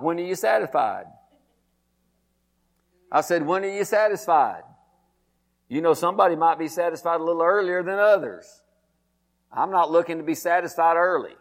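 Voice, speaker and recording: A man, a pastor preaching a sermon, reading scripture aloud and calling out to his congregation. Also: a little high.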